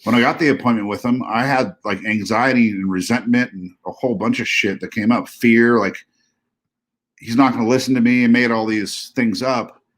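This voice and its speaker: A man co-hosting a podcast, talking frankly in casual chat, halting with many restarts. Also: mid-range voice, steady tone. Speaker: podcast co-host.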